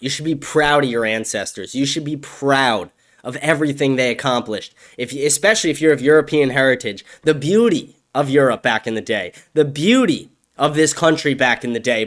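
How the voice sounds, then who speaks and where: Young guy ranting on his own podcast, mid-pitched voice, cussing constantly, gets loud then drops to a mutter. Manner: angry, profane, swings between shouting and low muttering. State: agitated. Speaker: podcast host. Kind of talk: solo opinion rant.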